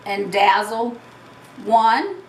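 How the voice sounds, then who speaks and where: A woman's voice: mid-range voice, lively intonation, extremely slow, slight background noise. A woman with a Southern US accent hosting a home cooking show, explaining each step in a chatty way. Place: home kitchen. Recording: roomy, mic at a distance.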